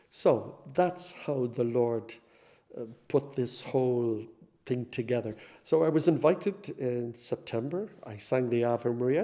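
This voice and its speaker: A middle-aged man recounts his own story in an easy, reflective way, pausing often to find his words. His voice is gravelly with plenty of fry. The tone is dark and mellow. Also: mid-range voice. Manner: conversational, reflective, many fillers. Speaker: singer giving a testimony. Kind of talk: personal testimony, storytelling.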